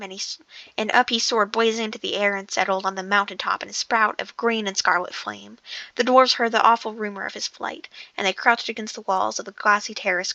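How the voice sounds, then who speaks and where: A woman's voice: medium pitch, gravelly, sharp tone, dry recording, dull audio. A woman casually reading a novel aloud, often stumbling over words, restarting sentences and breaking off for joking asides. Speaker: audiobook reader.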